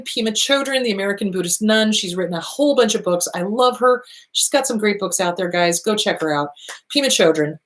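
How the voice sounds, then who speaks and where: A woman's voice: on the high side, fairly bright tone. Blunt, emphatic woman host. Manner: blunt, emphatic, repeats points, swears freely. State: voice starting to tire. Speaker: host answering viewer questions. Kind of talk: casual advice talk.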